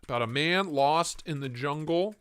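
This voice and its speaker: A man's voice: fairly high pitch, moderate pace, a bit bright, smooth, no echo. A man hosting a casual livestream, joking and reading chat aloud in a playful way. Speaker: livestream host.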